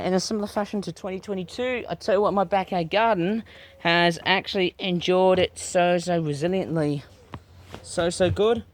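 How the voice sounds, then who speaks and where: Slightly high-voiced guy gabbing away in his garden, playful wording, noisy clicky tablet audio outdoors. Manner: chatty, exclamatory, playful word choices. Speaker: gardening vlogger. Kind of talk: casual rambling commentary. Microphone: tablet camera.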